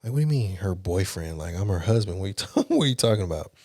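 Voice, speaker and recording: Young adult man, podcast guest; low voice, dry close sound, candid and animated storytelling. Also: racing, no room sound. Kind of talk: casual storytelling.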